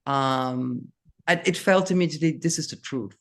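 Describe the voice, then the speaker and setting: An older woman, a guest in a casual interview, speaking slowly and haltingly with many restarts. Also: low voice.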